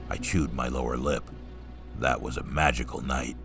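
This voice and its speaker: A man reading a first-person story aloud in a calm, steady narrating voice. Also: rumbling low, normal speed, soft background music.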